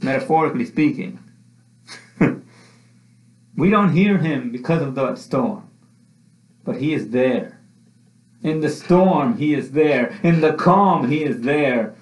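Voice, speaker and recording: A man's voice: on the high side, lively intonation, slow pace, long pauses. A man preaching a sermon with passion, repeating his phrases as his voice rises and falls. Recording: echoey room, dull lo-fi sound.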